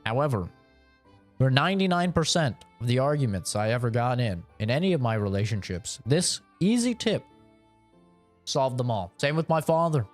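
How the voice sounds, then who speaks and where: Young man, streamer, joking mock-sermon, lively swings in pitch, faint music. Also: moderate pace. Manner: joking, mock-preachy advice. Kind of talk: casual gameplay commentary.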